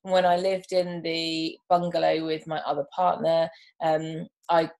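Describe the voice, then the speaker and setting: A woman's voice: low voice, level tone, measured pace, vocal fry, a little mellow. A woman, a guest in a casual interview, talking thoughtfully with frequent ums. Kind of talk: casual chat.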